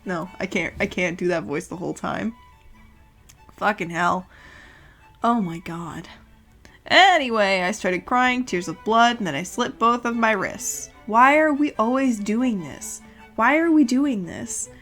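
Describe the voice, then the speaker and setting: A woman's voice: mid-range voice, a little slow, fairly bright tone, soft background music. A young woman reading a fan story aloud with dramatic delivery and sarcastic, exasperated asides. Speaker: host reading a fanfic aloud.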